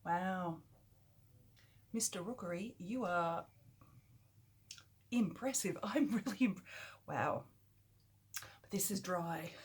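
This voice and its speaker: Breathy chatty Australian woman. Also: fairly low pitch. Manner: chatty and enthusiastic, thinking aloud. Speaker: vlogger. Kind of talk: casual taste-test vlog.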